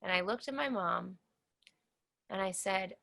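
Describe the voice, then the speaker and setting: A woman speaks with real conviction in an interview, telling her own story in a bright, forceful tone. Her voice carries a noticeable gravelly fry. She leans on repetition for emphasis as she recounts what happened. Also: mid-range voice, a little slow. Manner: earnest, emphatic storytelling with repeated phrases. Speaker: cancer survivor guest. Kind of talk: personal testimony interview.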